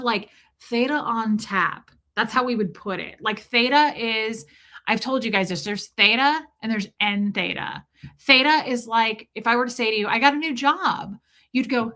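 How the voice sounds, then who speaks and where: A middle-aged woman from the United States hosting a casual livestream, telling stories animatedly and greeting viewers from chat. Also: a little high. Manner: chatty, animated storytelling, reads chat comments aloud. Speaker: livestream host.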